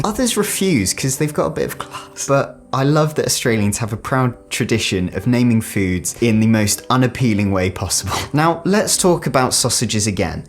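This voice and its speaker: A young British man chatting to camera in a jokey, animated storytelling way. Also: mid-range voice. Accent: British English. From England. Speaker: vlogger. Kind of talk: casual chat to camera. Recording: faint background music.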